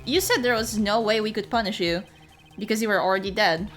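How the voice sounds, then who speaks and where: A woman's voice: mid-range voice, brisk, faint music behind, lightly acted. A woman voicing an earnest young male defense lawyer, reading game dialogue aloud in a stern, scolding way.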